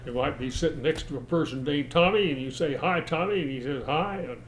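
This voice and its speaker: An older American man reminiscing about his childhood in a relaxed interview, chuckling and restarting his sentences as he goes. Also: mid-range voice, fast, a little hiss or hum. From United States. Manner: rambling, chuckling storyteller with frequent restarts.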